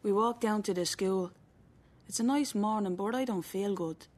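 A woman narrating in first person as a quiet, wistful young boy in foster care. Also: medium pitch, normal speed, lightly acted.

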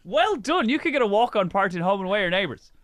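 A man hosting a radio interview in a studio, playful and teasing with quick questions. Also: sits high, big pitch swings, a bit bright, no echo. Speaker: radio host.

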